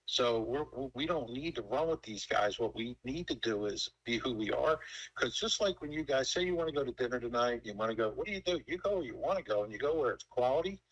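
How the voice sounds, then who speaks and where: On a casual sales call, a man in his sixties who owns a pool company talks emphatically in a folksy, storytelling way. His medium-pitched voice has lively intonation and a fairly quick pace, and the sound is lo-fi.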